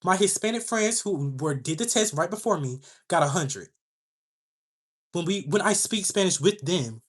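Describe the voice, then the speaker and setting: A woman's voice: fairly low pitch, moderate pace, breathy edge. Sassy young woman livestreaming. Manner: sassy, animated storytelling to chat. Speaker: livestream host. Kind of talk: casual livestream storytelling.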